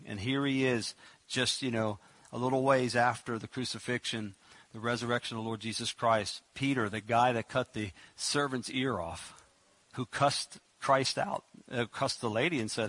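Jokey preacher, bright voice. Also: male voice, mid-range voice, moderate pace, dry recording. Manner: jokey, animated, acts out Bible scenes. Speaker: pastor. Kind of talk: sermon.

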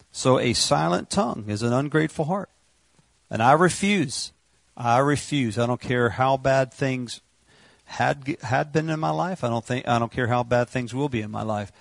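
A man preaching a sermon, impassioned and repetitive, rising to shouts on words of praise. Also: medium pitch, moderate pace, gravelly, no room sound.

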